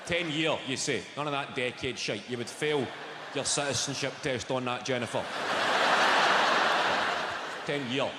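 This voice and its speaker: A man's voice: mid-range voice, steady tone, normal speed, long pauses, noisy background. A man with a Glaswegian accent doing brash, sweary stand-up comedy in a large venue, chatting with the crowd. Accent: Scottish, Glaswegian. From Scotland. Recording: echoey live hall with loud crowd laughter.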